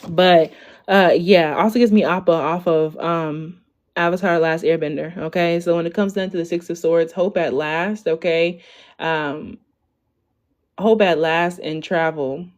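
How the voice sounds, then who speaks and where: A young woman in her twenties hosts a casual tarot reading for her viewers. Her voice sits on the low side, and she talks in a loose, chatty way. She keeps tagging "okay?" and "like" onto her lines. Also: fairly even intonation, normal speed, a little mellow. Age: 20s. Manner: chatty, ends lines with "okay?", lots of "like" and "y'all". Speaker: tarot reader.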